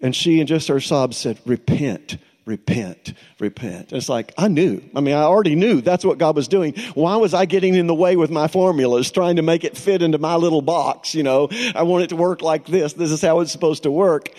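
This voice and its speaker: A middle-aged male pastor delivers a sermon in a relaxed, conversational storytelling manner, breaking now and then into light laughter. His voice sits a little high for a man and sounds warm and mellow. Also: fairly quick, few pauses.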